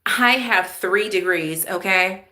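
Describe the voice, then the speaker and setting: A woman's voice: medium pitch, slow, pushed and bright, echoey room. A woman talking bluntly and emphatically in casual slang while commenting on a livestream and answering chat.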